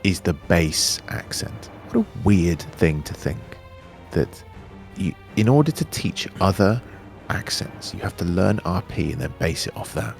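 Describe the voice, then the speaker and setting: Male guest, 30s, RP English accent, low and gravelly, candid and animated. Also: a little slow, soft background music. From England. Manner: animated, candid, trails off and restarts. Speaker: interview guest, actor. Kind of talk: casual chat.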